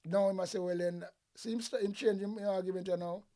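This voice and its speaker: A man's voice: high-pitched, steady tone, brisk, warm tone. A man with a Jamaican accent, giving heated, profane political commentary in patois.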